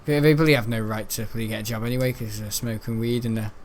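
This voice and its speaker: A man's voice: mid-range voice, very fast. Rambling young British man chatting. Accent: British English. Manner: chatty, meandering, lots of fillers and self-corrections. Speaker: gaming channel host. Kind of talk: rambling casual chat over gameplay.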